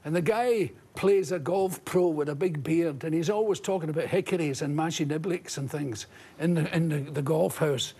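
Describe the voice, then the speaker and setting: An older Scottish comedian telling animated, laughing anecdotes as a talk-show guest. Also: male voice, a little high, normal speed, husky. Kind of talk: storytelling talk-show interview.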